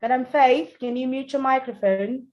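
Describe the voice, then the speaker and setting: A woman teaching pronunciation in an online class, repeating words slowly and carefully for the students. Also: sits high, dull audio, a little hiss or hum. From Nigeria. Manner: slow, drilled repetition of words. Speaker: diction teacher.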